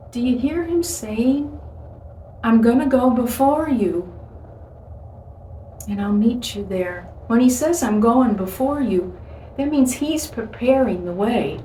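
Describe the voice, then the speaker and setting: A woman's voice: mid-range voice, mellow. A woman giving a short devotional talk, earnest and storytelling. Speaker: devotional speaker. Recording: echoey room, voice from a distance, faint hiss.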